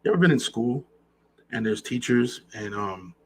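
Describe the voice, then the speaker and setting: Husky-voiced man musing earnestly. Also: medium pitch, lively intonation, normal speed, darkish tone, rough recording. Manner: earnest, repeats phrases for emphasis. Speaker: podcast host. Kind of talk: casual monologue.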